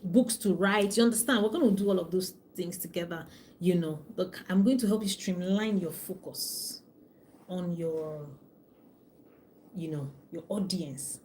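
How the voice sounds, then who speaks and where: A woman's voice: lowish voice, a little hiss or hum. Chatty Nigerian woman coach. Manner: chatty, animated, reads out viewer comments. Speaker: life and business coach. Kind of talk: casual live-stream talk.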